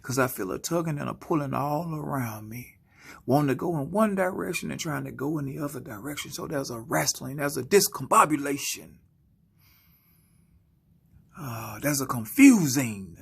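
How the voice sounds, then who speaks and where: A man giving a spoken-word motivational sermon, slow and dramatic, often dropping into hushed whispers. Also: medium pitch, animated, creaky, husky. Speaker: motivational speaker.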